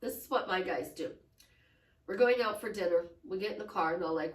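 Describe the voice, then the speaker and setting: A woman's voice: fairly low pitch, brisk, reverberant, distant mic, rough recording. A woman life coach talking casually, telling stories and acting out the quoted dialogue. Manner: animated storytelling, acts out quoted dialogue.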